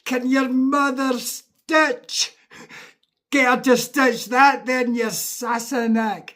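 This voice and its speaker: A man putting on the voice of his tough, hot-tempered uncle, shouting and fiery. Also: very high-pitched, flat delivery, a little slow, voice pushed up, full character voice. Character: fierce, tough little Scottish uncle, middle-aged man.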